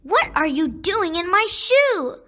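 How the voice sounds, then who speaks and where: A firm, earnest little girl speaks up in a children's storybook, voiced by a woman. The voice is high and bright, with a steady, insistent tone. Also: a little slow, heavily acted. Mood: indignant.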